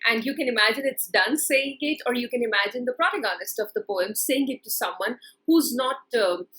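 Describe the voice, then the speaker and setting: A woman lecturing on a poem, paraphrasing its lines in plain speech with frequent pauses and fillers. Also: on the high side, expressive, a bit bright, poor audio. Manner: frequent fillers and restarts while explaining. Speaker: literature lecturer. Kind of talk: explanatory poetry lecture.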